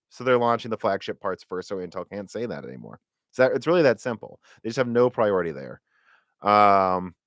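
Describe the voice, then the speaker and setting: A man with a low voice hosts a live tech Q&A stream, close on the mic and recorded dry. He rambles in an animated way, restarting and correcting himself as he goes. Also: no echo. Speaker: tech podcast host.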